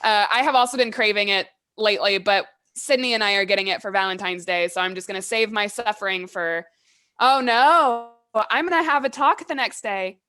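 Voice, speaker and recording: A woman's voice: mid-range voice, brisk, bright, forceful tone. A woman co-hosting a casual writing podcast, laughing easily and rambling in a self-deprecating way. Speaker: podcast co-host. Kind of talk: casual chat.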